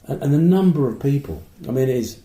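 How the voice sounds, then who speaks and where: A man's voice: mid-range voice, expressive, fast talker, mellow. An older man from London with a London accent, co-hosting a podcast and telling rambling stories with dry asides. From London, England. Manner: chatty storyteller with many restarts and dry asides. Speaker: podcast co-host. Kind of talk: casual chat. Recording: roomy echo.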